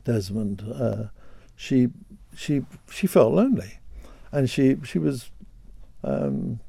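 A man's voice: medium pitch, sing-song, slow, creaky, mellow, slightly rough, no room sound. An older man talking as a guest in a radio interview, hesitant and often repeating words as he starts a thought.

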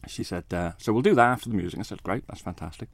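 A man, a bass player, chatting as a radio guest in a modest, rambling way, acting out what others said to him. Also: animated, rapid-fire, breathy edge, no echo. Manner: modest, rambling, acts out quoted talk. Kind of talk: casual interview chat.

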